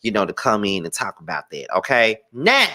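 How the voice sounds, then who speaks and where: A man's voice: lowish voice, fairly quick. A man hosting a casual celebrity gossip show, theatrical and dramatic. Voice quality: theatrical, animated. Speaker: show host.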